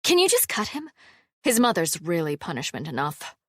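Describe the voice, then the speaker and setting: A woman's voice: lowish voice, huge pitch swings, moderate pace, a bit bright, no echo, clean studio sound, heavily acted. A woman reading an audiobook and voicing a frank, wry young housekeeper heroine.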